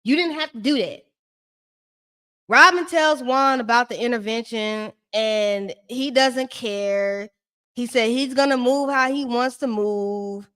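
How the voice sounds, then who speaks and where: Sassy high-voiced woman ranting. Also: slow, clear, resonant tone. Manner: sassy, shady, animated ranting. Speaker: reality TV recap host. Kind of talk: casual live-stream commentary.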